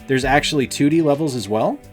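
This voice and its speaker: A man's voice: medium pitch, fairly quick, faint music behind. A man co-hosting a casual game review, talking with enthusiasm and lots of fillers. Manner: enthusiastic, rambling with many fillers.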